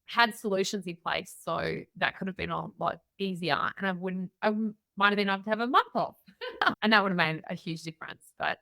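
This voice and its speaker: A woman's voice: medium pitch, a little fast, gravelly, no room sound. A middle-aged Australian woman, a guest entrepreneur on a podcast, telling candid stories and acting out the voices of people in them. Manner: candid, animated storyteller acting out quoted voices. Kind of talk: podcast interview storytelling.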